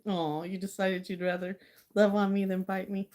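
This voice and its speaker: A woman's voice: mid-range voice, level tone, normal speed, darkish tone. A woman hosting a casual livestream, chatting to viewers and talking sweetly to her dog. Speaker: livestream host.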